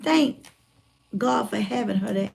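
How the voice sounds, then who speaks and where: A motivational speaker telling a personal story in a casual, folksy way, retelling conversations and calling listeners by name, still getting over a chest cold. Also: female voice, a little high, expressive, measured pace, creaky, darkish tone, slight background noise. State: recovering from chest cold, congested breathing. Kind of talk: casual testimony talk.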